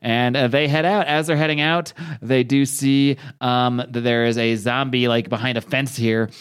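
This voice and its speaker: A man's voice: mid-range voice, steady tone, normal speed, clear, resonant tone. A man casually recapping a TV episode, rambling with many fillers and restarts and acting out the characters' lines. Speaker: show recapper.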